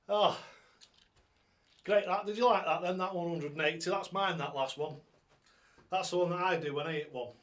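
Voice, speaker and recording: Man, somewhat high voice, rambling casual live-stream chat, greets viewers one by one, tablet mic. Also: moderate pace, pauses often, a bit bright. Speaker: live-stream host and darts coach.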